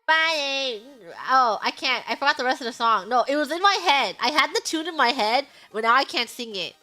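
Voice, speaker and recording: Bright, high-voiced woman streamer chatting. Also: normal speed, faint music behind. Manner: excitable, rambling, hums song snippets. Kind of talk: casual livestream chat.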